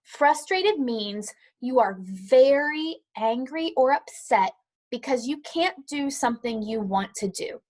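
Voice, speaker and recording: Speaking slowly in a high, animated voice with a darkish tone, a woman gives young children an online class from her house. She is encouraging and patient, reading aloud as part of the lesson, and a dog is near her.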